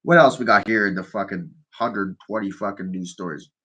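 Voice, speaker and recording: A man's voice: fairly low pitch, fairly quick, bright, forceful tone, husky, muffled recording. A man hosting a live call-in show from Canada, stoned and ranting about politics in a profane, rambling, mocking way. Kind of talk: casual stoned political rant.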